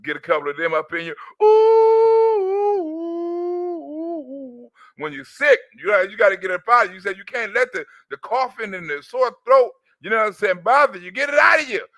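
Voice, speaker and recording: A man hosting his own channel, his voice slightly sore after a cough, talking loosely and crudely in an animated rant to his viewers. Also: high voice, fast talker, hardly any pauses, dry recording. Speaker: channel host. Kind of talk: casual political rant to viewers.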